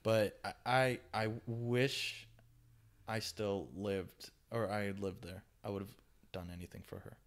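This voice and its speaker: A young man hosting a podcast, telling a story in casual chat, animated and swinging between loud bursts and hushed asides. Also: on the low side, a little slow. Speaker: podcast host.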